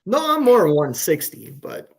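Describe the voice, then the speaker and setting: A man trucker chatting casually on a live stream from a hotel room, talking in slow, halting phrases with frequent restarts. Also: high voice, huge pitch swings, vocal fry. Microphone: phone on hotel wifi.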